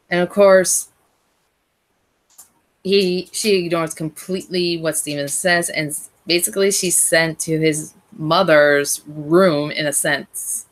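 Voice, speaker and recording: A woman with a low, deep-set voice talks slowly through a casual fan recap of an episode. She rambles, breaks off mid-phrase and restarts as she goes. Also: fairly even intonation. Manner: rambling, with frequent restarts and self-corrections. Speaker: fan reviewer.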